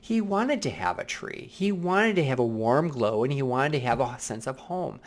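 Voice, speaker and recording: A man's voice: mid-range voice, big pitch swings, moderate pace. A man talks candidly about coping with hard times, earnest and reflective. He wanders through his thoughts with plenty of filler words, sounding like he is sharing from his own experience. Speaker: vlog host. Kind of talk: personal self-help talk.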